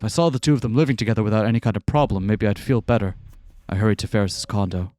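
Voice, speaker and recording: Guy reading a visual novel out loud, lowish voice, casual, jokey asides, faint music. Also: racing, dry recording. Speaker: let's-play host reading the game.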